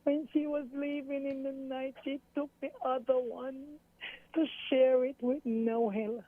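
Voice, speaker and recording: A middle-aged Jamaican woman, the mother of a missing woman, recalls events with her daughter during an interview, quoting what others said and sometimes becoming tearful. Her voice is high, her tone level and her pace slow. The recording is dry and tinny, like a phone line.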